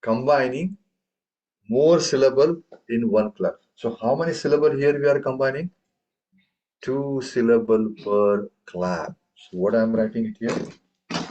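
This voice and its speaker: A male teacher leads a tabla lesson at a medium pitch, chanting rhythm syllables aloud. He stops often to quiz his students. The recording is dull and lo-fi. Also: measured pace, mellow. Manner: recites rhythm syllables aloud and quizzes the class. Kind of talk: classroom lesson.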